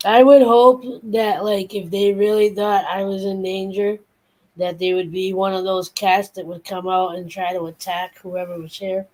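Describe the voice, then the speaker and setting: Woman, casual stream chat, relaxed and easygoing, busy with a task. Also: medium pitch, moderate pace, low-quality recording. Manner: relaxed, talks while working on a task.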